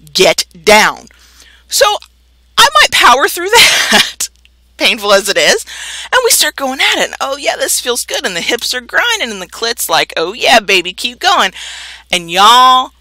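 A woman's voice: mid-range voice, pushed and bright, dry recording, poor audio. A woman hosting a podcast, talking frankly and jokingly in a candid monologue. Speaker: podcast host.

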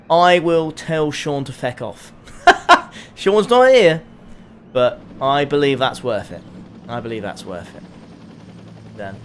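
A man commentating his own sim race on a live stream, excitable and chatting to his viewers. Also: on the high side. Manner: excitable, laughs often, chats to viewers.

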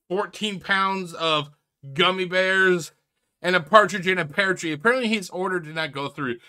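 A man's voice: sits high, sharp tone, clear, resonant tone. A man hosting a reaction video, giving sarcastic, incredulous commentary full of swearing and stumbling restarts. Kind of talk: mocking commentary on a clip.

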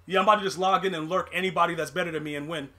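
A man voicing a smug, unskilled young male online gamer in a low, mocking, self-satisfied tone. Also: steady tone, very fast, pushed and bright.

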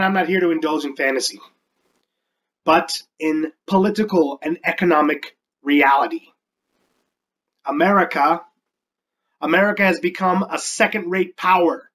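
A slick, ruthless corporate raider, played by an amateur performer, working a room of shareholders in a movie monologue. He speechifies, pushing up into loud, high emphasis and then dropping to hushed, whispered lines. His voice sits at an ordinary middle pitch. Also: rough recording.

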